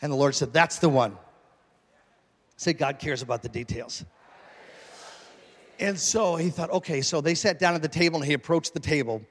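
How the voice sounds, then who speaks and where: Male pastor, high-ish voice, animated sermon storytelling, long church reverb. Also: normal speed, long pauses. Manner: animated, acts out quoted voices, jokes with congregation.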